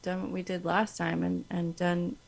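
A woman's voice: lowish voice, monotone, normal speed, vocal fry. A woman co-hosting a podcast, playful in casual chat.

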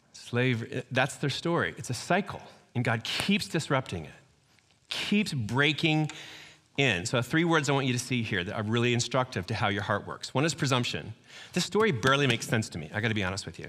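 A middle-aged man preaching a sermon in a lively, conversational storytelling way, often acting out voices. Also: mid-range voice. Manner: animated, acts out quoted voices, conversational storytelling. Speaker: pastor. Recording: hall reverb.

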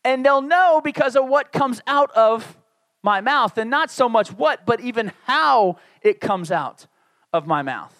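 A man in his forties from the Northeastern United States preaches in a loose, conversational way, poking fun at himself as he goes. His voice sits fairly high for a man. The sound is dry and close, with no room echo. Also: lively intonation, unhurried, fairly bright tone. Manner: candid, conversational preaching with self-deprecating asides. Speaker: pastor. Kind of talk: sermon.

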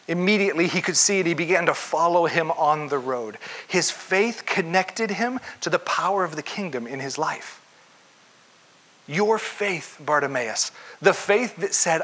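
Man preaching, kinda high voice, bright n a bit husky, tells the story with lots of feeling. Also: moderate pace, rough recording. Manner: expressive storytelling, acts out the scene. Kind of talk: sermon.

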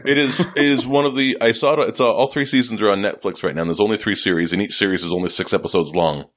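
A man co-hosting a podcast in casual chat, telling jokes and animated stories with quick asides. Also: lowish voice. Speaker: podcast co-host.

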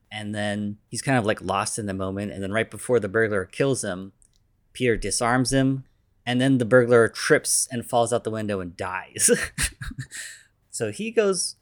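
A man casually retelling a film's plot in a loose, rambling way, full of fillers, briefly putting on quick voices for the characters. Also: fairly low pitch. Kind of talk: casual movie plot recap.

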